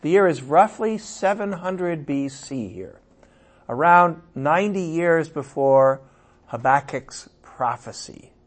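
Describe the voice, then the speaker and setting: A man preaching a sermon and teaching from scripture, emphatic, with sudden loud raised passages. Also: fairly high pitch, lively intonation, slow pace. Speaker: pastor.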